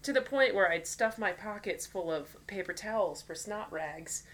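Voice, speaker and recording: A woman's voice: medium pitch, expressive, normal speed, a bit bright. A woman co-hosting a casual podcast chat while sick with a cold, blunt and swearing freely. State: stuffy from a cold. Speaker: podcast co-host.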